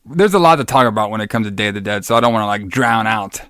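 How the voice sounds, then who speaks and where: Rambling, excited podcast co-host man. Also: lowish voice, fast, smooth, no room sound. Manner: rambling, lots of fillers and tag questions; enthusiastic about old wrestling shows. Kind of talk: casual podcast chat.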